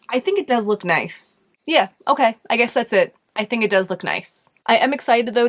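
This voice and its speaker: A young woman with a New York accent talks through a makeup review in a loose, casual way. She thinks out loud, hedging and circling back with plenty of "like"s, her pitch sitting in an ordinary middle range. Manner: chatty, hesitant, thinks aloud with many "like"s. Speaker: beauty video host.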